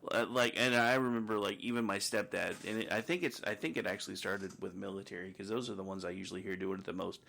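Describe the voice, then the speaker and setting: A man's voice: fairly low pitch, steady tone, gravelly, fairly bright tone. A middle-aged man co-hosting a radio talk show, chatting casually and cracking jokes. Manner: joking, quick asides. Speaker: podcast co-host. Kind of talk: casual chat.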